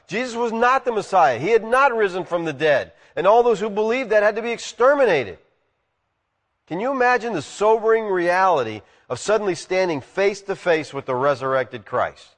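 Guy preaching a sermon, high voice, keeps hitting big rhetorical questions, long hall echo. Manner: emphatic, rising to loud rhetorical questions.

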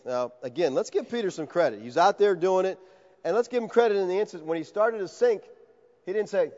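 Male pastor, high voice, lively expository sermon, dull recording with long hall reverb. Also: fairly quick. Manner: animated, acts out voices of Bible figures.

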